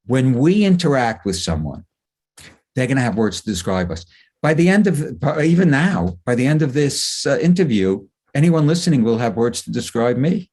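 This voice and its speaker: An older man with a husky, slightly breathy voice at a middle pitch talks as a guest psychologist on a webinar. He tells anecdotes conversationally, chuckling and restarting sentences, heard through a video call microphone. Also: big pitch swings, normal speed, darkish tone.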